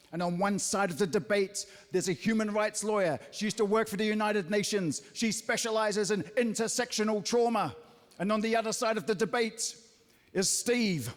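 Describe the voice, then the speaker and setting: A high voice with a long reverb tail belongs to a New Zealand comedian in his thirties, doing a punchy stand-up set on a theatre stage full of mocking asides.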